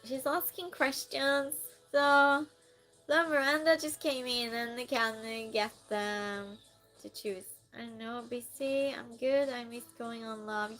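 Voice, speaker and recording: Woman streamer, slow and teasing, slightly high voice. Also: fairly even intonation, a bit bright, soft background music. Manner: playful, teasing, reads chat aloud. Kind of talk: casual chat with live viewers.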